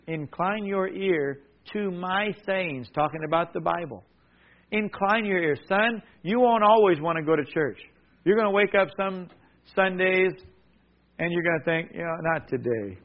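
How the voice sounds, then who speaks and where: A man's voice: a little high, narrow, tinny audio. A male pastor preaching a sermon, repeating key words and leading the congregation in call-and-response. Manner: emphatic, repetitive, call-and-response.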